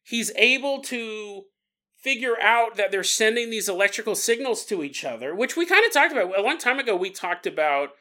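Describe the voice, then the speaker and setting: Guy hosting a podcast, goofy and rambly, laughs a lot, bright sharp voice. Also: high-pitched, expressive, normal speed. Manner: playful, rambling, laughs often. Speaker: podcast host. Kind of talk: comic storytelling on a podcast.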